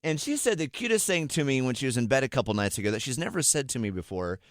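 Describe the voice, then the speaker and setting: A man's voice: medium pitch, fast talker, no room sound, studio quality. A man in his thirties hosting a morning radio show, chatting casually and telling stories with frequent laughter. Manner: animated storytelling, laughs often. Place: radio studio. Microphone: studio microphone.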